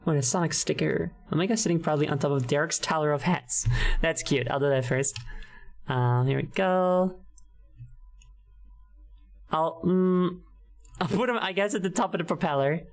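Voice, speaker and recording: A woman's voice: deep voice, moderate pace, pauses often. A woman streamer in casual live-stream chat, rambling and giggling with many fillers. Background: background music.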